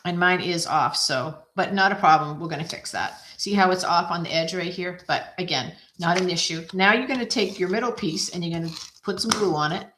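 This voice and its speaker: A woman's voice: fairly low pitch, fairly quick, few pauses, a bit bright, a little hiss or hum. A woman hosting a casual card-making demonstration, chatting and thinking aloud as she works, poking fun at herself. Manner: chatty, self-deprecating, thinks aloud while working. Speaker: craft video host. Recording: echoey room.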